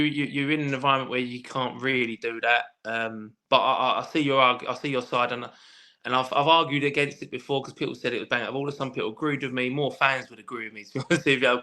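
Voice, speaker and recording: A man telling stories in a casual podcast chat, swearing freely and restarting his sentences often. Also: mid-range voice. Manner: animated storyteller, swears freely, many restarts. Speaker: guest, former footballer.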